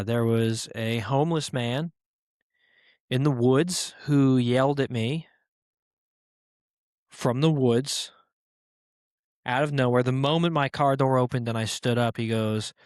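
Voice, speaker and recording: A man's voice: mid-range voice, measured pace, pauses often, darkish tone, clear, resonant tone, no echo, studio quality. A man hosting a comedy podcast, rambling through a story, swearing casually and acting out the people he quotes. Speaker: podcast host.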